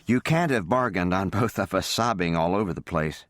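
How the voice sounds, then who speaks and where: A man voicing a kindly, gentle middle-aged mother in an audiobook. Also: sits low, normal speed, no room sound, clean studio sound, close to an everyday voice. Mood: fond.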